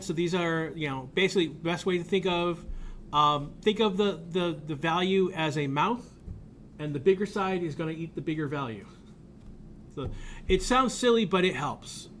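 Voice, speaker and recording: A man with a slightly higher voice than most men is giving a casual college lecture on game programming. He explains out loud as he goes and circles back to repeat phrases. He is blunt when something is no good. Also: slight background noise. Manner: informal, thinks aloud and repeats himself while explaining; blunt about tools he dislikes. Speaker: college game development instructor. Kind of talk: recorded classroom lecture.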